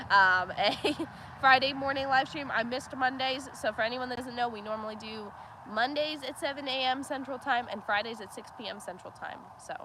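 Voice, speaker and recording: A woman's voice: high voice, background noise. A woman hosting a casual farm livestream outdoors by a cow pen, chatting, laughing often and cooing at the animals, with her camera on a tripod. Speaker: homestead livestream host.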